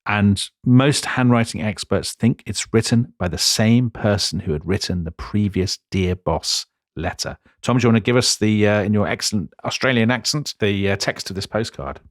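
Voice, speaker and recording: A man with a low, deep voice recounts history for a podcast, emphatic and chatty, throwing in casual asides. The sound is dry and close, with no room around it. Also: moderate pace, few pauses, no room sound. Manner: lively, emphatic narration with asides. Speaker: podcast co-host. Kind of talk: conversational history storytelling.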